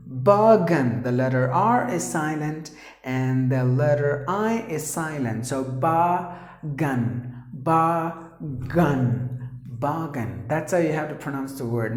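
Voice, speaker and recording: A man gives an English pronunciation lesson, repeating every word several times. He speaks at a very unhurried pace. His voice rings in a noticeably echoey room. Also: fairly high pitch, darkish tone. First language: Tamil. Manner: slow, repetitive, drills words aloud.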